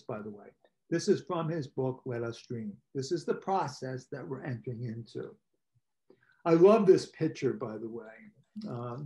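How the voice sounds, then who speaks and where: A man, a priest, leading a parish workshop with slides, talking informally with asides and questions to his listeners and clearing his throat now and then. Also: fairly high pitch, dark tone. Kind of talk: conversational teaching talk with slides. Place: parish meeting presenting slides.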